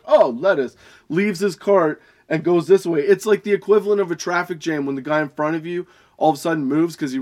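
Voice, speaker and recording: A young adult man, high and laughing often, reading odd facts and ranting with a lot of swearing. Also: a little mellow. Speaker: podcast host. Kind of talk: casual stoned rant.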